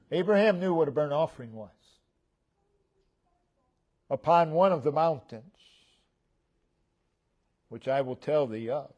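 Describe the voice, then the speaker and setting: Slow, deliberate preaching man. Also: expressive. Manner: slow, deliberate preaching, dropping low and soft at phrase ends, rising for emphasis. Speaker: pastor. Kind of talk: sermon. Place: church sanctuary.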